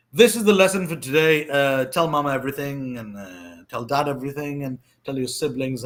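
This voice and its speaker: A man giving earnest life advice in a monologue, emphatic and preachy, repeating phrases for stress. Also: a little high. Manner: swings between loud stress and soft asides.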